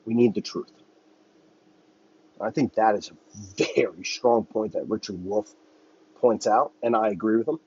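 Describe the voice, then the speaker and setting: A man's voice: lowish voice, a little slow, pauses often, darkish tone, slightly rough, muffled recording. A man hosting a podcast, ranting on his own in a heated, profane, rambling way. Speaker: podcast host. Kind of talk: solo political commentary rant.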